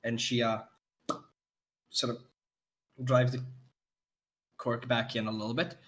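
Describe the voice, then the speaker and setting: A man's voice: mid-range voice, level tone, takes it slowly, noisy background. Rambling male game master. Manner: rambling, filler-heavy narration. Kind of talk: narrating a tabletop game.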